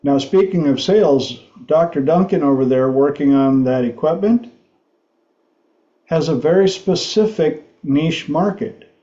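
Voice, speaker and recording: A man hosting a talk show, telling a story slowly and haltingly, laughing often. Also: a little high, mellow, echoey room, highs cut off. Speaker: host.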